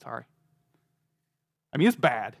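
A man's voice: on the high side, lively intonation, moderate pace, a bit bright, dry recording, clean studio sound. A man teaching a Bible lesson in a casual, conversational way, laughing now and then and using lots of "like.". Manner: conversational, laughing, many "like" fillers.

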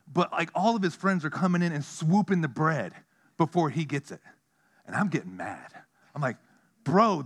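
A man preaching with a fairly high voice. He tells stories with animation, drops to a quiet hush at times, then climbs back up to a loud, excited pitch. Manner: animated storytelling, swinging from hushed to loud. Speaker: pastor. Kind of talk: sermon.

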